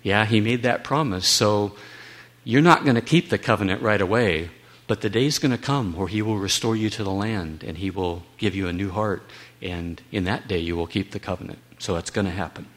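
Low-voiced teacher. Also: male voice, normal speed, fairly bright tone. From United States. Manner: earnest, emphatic, with wry asides. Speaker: Bible teacher. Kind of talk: Bible teaching talk.

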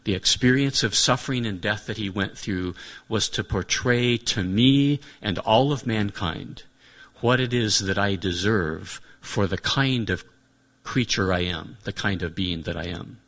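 Earnest male preacher, lowish voice. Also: unhurried, fairly bright tone. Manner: earnest, reflective, restates his points. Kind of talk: sermon.

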